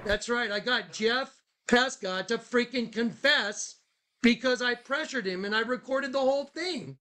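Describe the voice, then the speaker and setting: A man's voice: very high-pitched, measured pace, sharp tone. A man hosting a livestream, ranting in an agitated, accusatory way and repeating himself. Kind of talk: heated livestream rant.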